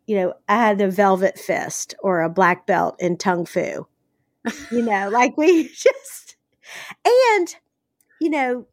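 A woman's voice: medium pitch, no room sound, clean studio sound. A woman from the American South, an author being interviewed, talking casually with blunt, salty humor and lots of fillers. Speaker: author guest.

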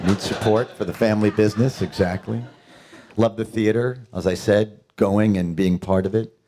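A middle-aged actor from New York who chats at a panel Q&A and tells his stories with laughs and quick asides. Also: lowish voice, steady tone, dark tone. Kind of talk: casual storytelling at a panel Q&A.

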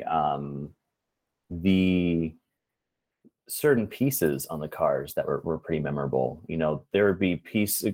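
A man answering interview questions in an earnest, measured way, explaining his hobby with frequent ums and uhs. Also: deep voice, a little mellow, poor audio. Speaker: guest, preservationist and rail fan.

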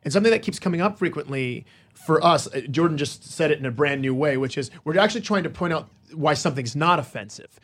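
A man's voice: fairly high pitch, lively intonation, fast talker, a bit bright. A middle-aged man, a comedian guest, talking in casual podcast chat, riffing animatedly and stacking repeated words.

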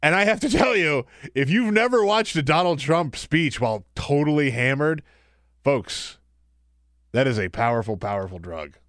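A man filling in as host of a political talk radio show, joking and animated, laughing easily. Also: a little high, normal speed, dry recording, clean studio sound. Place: radio studio.

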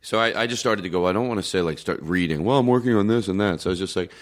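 A man's voice: low voice, very fast. A man talking as a podcast guest comedian in casual chat, rambling, swearing and laughing often.

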